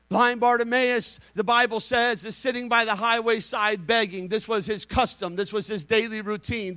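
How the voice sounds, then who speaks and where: Impassioned high-voiced man preaching. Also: no room sound. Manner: rising to shouted, impassioned preaching; calm, conversational instructions. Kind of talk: Pentecostal altar-call sermon. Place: church sanctuary.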